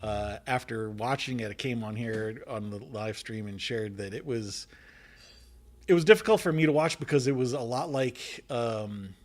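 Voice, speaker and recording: A man's voice: medium pitch, normal speed. Thoughtful, hesitant man host. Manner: thoughtful, hesitant, searching for words. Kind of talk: casual podcast chat.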